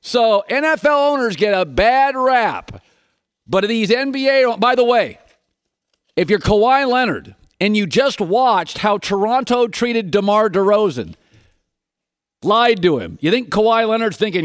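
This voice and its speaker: A male sports radio host with a high-pitched voice holds forth in an opinionated studio monologue. He jabs at his points with punchy, sarcastic rhetorical questions. His voice comes through dry and close, with no room sound. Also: animated, unhurried, clean tone, no room sound.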